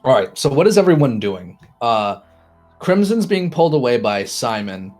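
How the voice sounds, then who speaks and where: A man narrates a tabletop role-playing game as its storyteller. He lingers on words and drops into hushed pauses to build suspense. Faint music plays behind him. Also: mid-range voice, very animated.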